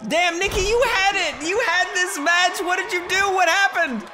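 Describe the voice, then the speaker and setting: A man commentating his own wrestling video game playthrough, joking, shouting at the screen and laughing. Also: extremely high pitch, normal speed, over a noisy crowd, heavy background noise. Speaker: gameplay commentator. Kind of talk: excited gameplay commentary.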